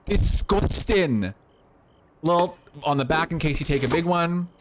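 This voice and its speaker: A man's voice: fairly high pitch, steady tone, fairly quick, background noise. A man live-streaming a game, chatting casually and rambling as he thanks viewers. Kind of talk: casual live-stream chat while playing.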